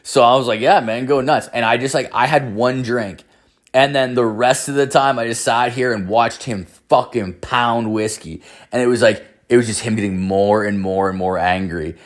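A man's voice: medium pitch, moderate pace. A man casually telling a story, rambling and swearing freely, with constant filler words. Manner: rambling, profane, filler-heavy.

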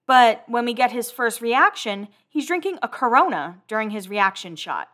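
A woman's voice: on the high side, expressive, moderate pace, pushed and bright. A woman hosting a casual recap of TV episodes, chatty and full of "like" fillers.

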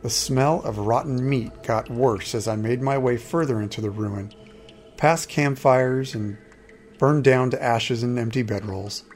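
A man reads a first-person fantasy adventure aloud. His delivery is steady and measured, at a mid pitch. Soft music plays faintly underneath. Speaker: narrator.

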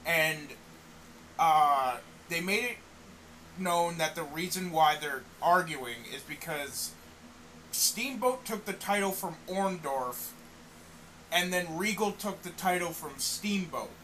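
Bright-voiced male podcast co-host. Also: on the high side, lively intonation, takes it slowly, a little hiss or hum, rough recording. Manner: thoughtful, repeats words as he restarts. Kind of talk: casual chat reviewing wrestling.

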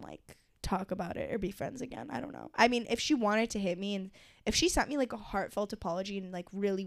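A woman's voice: medium pitch, no echo, clean studio sound. A woman in her twenties co-hosting a casual podcast, telling a personal story candidly and emotionally, with lots of fillers and swearing. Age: 20s. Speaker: podcast co-host.

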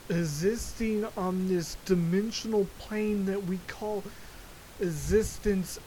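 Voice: medium pitch, darkish tone, slight background noise, rough recording. A podcast host delivering a solo comedic rant, profane and exaggerated, full of jokey asides. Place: lives in Florida.

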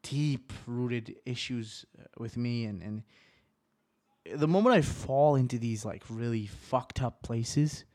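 Young male solo podcaster, twenties, rambling and profane, moody swings from hushed to riled up, dry room. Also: medium pitch, slow, no echo. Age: 20s. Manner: profane, rambling, restarts often; swings between quiet musing and riled-up rants.

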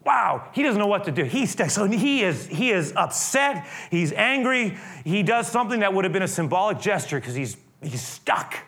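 A man preaching a sermon, retelling a scripture story dramatically, shifting from loud to hushed. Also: high-pitched, very animated, normal speed, few pauses.

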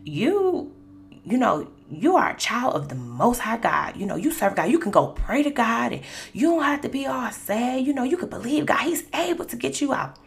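Woman doing stern preachy mother, scolding, higher than her usual voice, gravelly edge. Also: big pitch swings, moderate pace. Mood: rebuking. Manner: rebuking, preachy. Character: firm mother scolding her grown daughter. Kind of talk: acted quote in a testimony.

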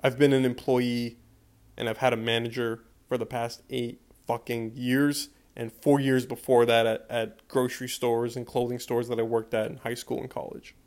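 A young man in his twenties rants on his podcast, worked up and swearing freely. He drives his point home by repeating the same line again and again, with a mid-pitched voice. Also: darkish tone. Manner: profane, repeating a refrain, emphatic. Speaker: podcast host. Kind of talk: fired-up podcast rant.

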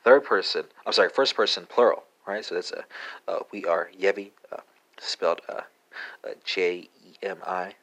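A man hosting a language lesson podcast, talking through verb forms with lots of "uh" pauses and a habitual "right?", spelling words out letter by letter. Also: low-pitched, a bit bright. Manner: halting, many "uh" fillers and tag "right?". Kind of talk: casual spoken language lesson.

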